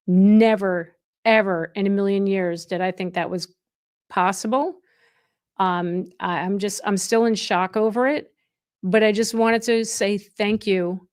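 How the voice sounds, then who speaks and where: A woman's voice: medium pitch, a little mellow, dry recording, clean studio sound. A middle-aged woman hosting a real estate live stream, chatting with viewers in an effusive, chatty way and often restarting her sentences. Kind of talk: casual live stream chat.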